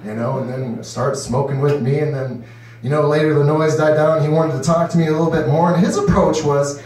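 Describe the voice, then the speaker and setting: A man's voice: a little high, steady tone, fairly quick, darkish tone. A man doing his first stand-up set, rambling loosely with lots of "you know" and acting out voices. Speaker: stand-up comedian. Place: comedy club stage. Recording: echoey room, distant mic.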